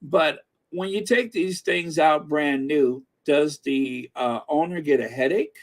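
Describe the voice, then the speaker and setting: A middle-aged man from the Midwest talks his way through a casual livestream in a fairly high voice. He reads viewer comments aloud at an unhurried pace, filling gaps with ums and easy chuckles. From American Midwest. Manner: chatty, laughs often, reads comments aloud with frequent fillers. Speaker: host reading live chat.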